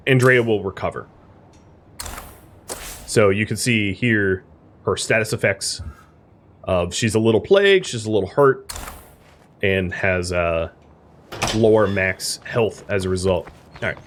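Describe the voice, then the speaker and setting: A man's voice: lowish voice, slight background noise. A man streaming a video game, casually explaining the mechanics with lots of fillers. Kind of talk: casual gameplay commentary.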